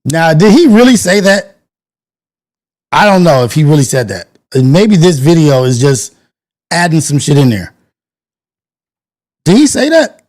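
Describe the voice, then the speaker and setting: Male stream host, slightly high voice, loose thinking-aloud chat with restarts. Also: animated, moderate pace, a little mellow. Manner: rambling, thinks aloud, self-correcting. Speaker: live-stream show host. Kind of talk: casual live-stream chat.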